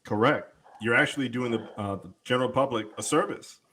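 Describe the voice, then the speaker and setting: A man's voice: medium pitch, brisk, fairly bright tone. A man telling a story in casual panel chat, rambling and cursing freely. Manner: rambling storyteller, heavy cursing, many fillers.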